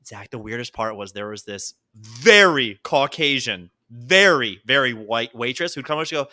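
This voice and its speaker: A man co-hosting a comedy podcast, chatting casually and jokily, now and then slipping into quick silly voices. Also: medium pitch. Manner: animated, jokey, does quick voices. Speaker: podcast co-host.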